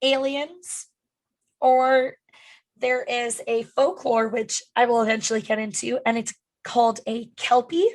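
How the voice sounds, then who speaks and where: A woman co-hosting a comedy podcast, with a high voice and an unhurried, drawn-out way of talking. She chats loosely, trailing off into fillers and dropping the odd swear word. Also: flat delivery. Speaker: podcast co-host. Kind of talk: casual comedic podcast chat.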